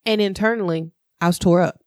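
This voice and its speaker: A woman in casual conversation, candidly telling a personal story in an animated way. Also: lowish voice, brisk, no room sound, clean studio sound. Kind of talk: casual chat.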